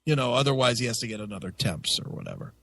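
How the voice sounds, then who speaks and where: A man hosting a radio talk show, telling a story in a casual, profane and animated way. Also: medium pitch, racing, vocal fry. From United States. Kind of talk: casual chat.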